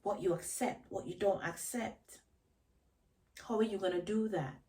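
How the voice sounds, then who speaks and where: A woman's voice: fairly low pitch, steady tone, unhurried, mellow, far from the mic, poor audio. A woman vlogger giving a reflective talk on self-knowledge, emphatic, asking rhetorical questions and repeating key phrases. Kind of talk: reflective solo talk to camera.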